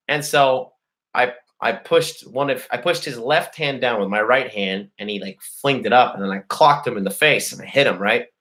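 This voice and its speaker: A man with a mid-pitched voice, casually telling a boastful, profanity-filled story to his viewers. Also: sharp tone. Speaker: host. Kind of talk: casual storytelling to a live chat.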